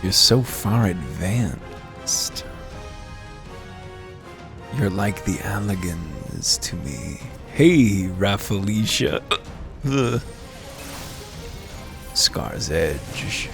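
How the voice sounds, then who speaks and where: Man, hiccups, let's-play commentary, wry and profane, swooping deep voice. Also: lively intonation, extremely slow, gravelly, long pauses, over music. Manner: wry, profane, mumbled asides. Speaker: gamer playing through a story.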